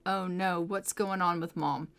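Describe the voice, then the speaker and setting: A woman's voice: lowish voice, fairly even intonation, unhurried, fairly bright tone. A woman voicing a worried young girl in a life-sim game, speaking with guilty concern.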